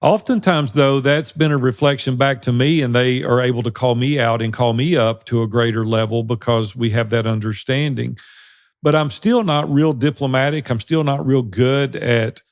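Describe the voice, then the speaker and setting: A man's voice: mid-range voice, moderate pace. A middle-aged man co-hosting a podcast, talking in a blunt, direct, plain-spoken way in casual conversation. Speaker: podcast co-host.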